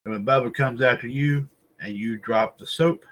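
A man's voice: medium pitch, fairly bright tone, rough recording. A man hosting a wrestling news podcast, talking in a rambling, casual way, often circling back with filler phrases and calling his listeners folks. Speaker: podcast host.

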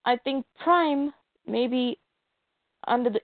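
Woman voicing a worried sea king hero, slow, tinny phone-like sound. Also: high-pitched, dry recording.

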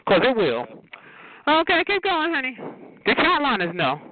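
A man's voice: very high-pitched, big pitch swings, unhurried. Sassy taunting man on a tinny phone line. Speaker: chatline caller. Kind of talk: trash-talking on a phone chatline.

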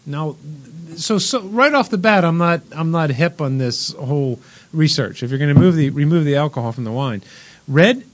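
A man's voice: fairly high pitch, animated, normal speed. A man hosting a casual chat show, reading out wine news with wry jokes and frequent laughter. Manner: wry, joking, laughs often. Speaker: host.

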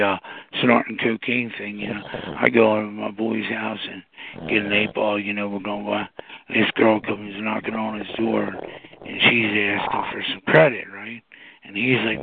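A man rambling through a profane story, animated and casual, on a call-in show. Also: on the low side, vocal fry, breathy edge, dry recording. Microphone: phone line. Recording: tinny dry phone line.

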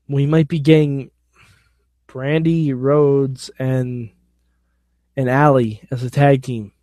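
This solo podcast host has a mid-range, slightly mellow voice, recorded dry with clean studio sound. He runs through a casual wrestling recap in a blunt, opinionated manner that's sometimes profane.

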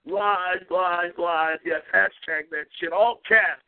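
A high-pitched man hosting a rough-edged talk show, taunting rivals with profanity. He speaks slowly and carries a gravelly fry. His voice comes through thin and tinny, as over a phone line. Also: fairly even intonation. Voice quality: profane, taunting, repeats catchphrases.

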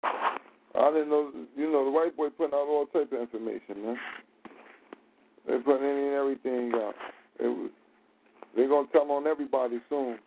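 A man's voice: mid-range voice, fairly even intonation, normal speed, pauses often, slight background noise. A man in casual storytelling chat, with a loose, profane, laughing manner. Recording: tinny phone-like audio.

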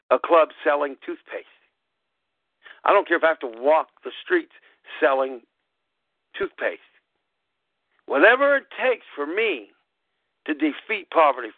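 A man hosting a live podcast, giving an emphatic, preachy motivational talk that repeats phrases and swings sharply up and down in pitch. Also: no room sound. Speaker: host of a gaming club podcast. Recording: dry, tinny phone-like audio.

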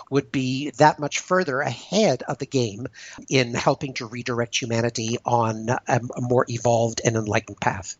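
A man's voice: medium pitch, no room sound. A man in casual discussion who speaks reflectively in spiritual terms. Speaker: co-host. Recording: slightly dull dry audio.

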